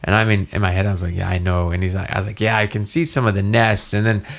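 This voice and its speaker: A man's voice: fairly low pitch, steady tone, fast talker, creaky. A man co-hosting a casual podcast, telling a rambling story and acting out the dialogue. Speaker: podcast co-host. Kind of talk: casual chat.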